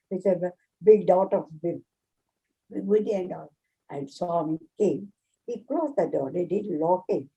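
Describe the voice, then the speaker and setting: An older woman tells a personal story from memory in an earnest way, acting out each quoted line. Her voice is dark, gravelly and husky. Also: fairly low pitch, animated, a little slow, dull audio. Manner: earnest, repeats phrases, acts out quoted speech. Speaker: devotee sharing a memory.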